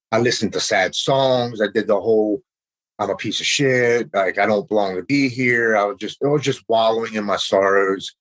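A man's voice: on the low side, fairly bright tone, poor audio. A man telling a personal story in a casual, earnest way, often stumbling and repeating words. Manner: earnest, halting, repeats words when emotional.

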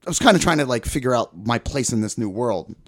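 A man's voice: mid-range voice, expressive, fast, fairly bright tone. A man in his forties telling rambling, profane stories in a casual podcast chat. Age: 40s.

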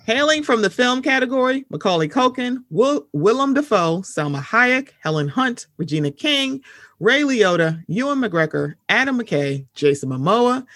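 A woman hosting a casual podcast chat, talking in a blunt, animated, often profane way and reading out news items. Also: a little high, normal speed, dry recording, studio quality. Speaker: podcast host.

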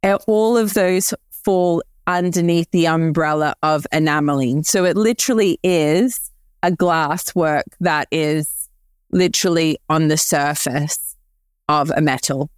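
A woman's voice: deep voice, measured pace, clear, resonant tone, no echo, studio quality. A woman co-hosting a podcast, explaining a craft technique precisely and clarifying the details. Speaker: podcast co-host. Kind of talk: casual explanatory chat.

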